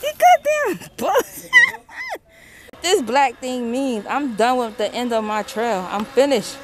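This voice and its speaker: Out of breath on a treetop ropes course, a woman films a casual vlog outdoors with a handheld camera, exclaiming, laughing, and swearing as she narrates her own struggle. Her voice is fairly high and a bit bright, she speaks slowly, and there's slight background noise.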